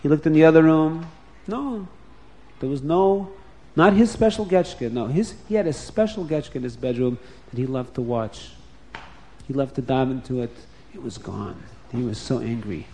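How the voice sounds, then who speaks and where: A man's voice: medium pitch, normal speed, warm tone, slight background noise. A man narrating a story to children, speaking expressively and addressing them directly.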